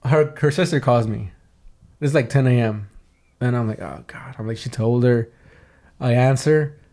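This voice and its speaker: A man's voice: mid-range voice, moderate pace, warm tone. A young man telling a long personal story on a podcast, casual and rambling, swearing often and restarting his sentences. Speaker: podcast host.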